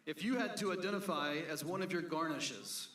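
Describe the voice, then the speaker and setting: Man pageant co-host, bright and a little high, wry jokes, echoey room, off-mic. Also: fairly quick, recorded from a distance, slight background noise. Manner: joking, wry. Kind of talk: emceeing a drag pageant on stage. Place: bar or club stage with a crowd.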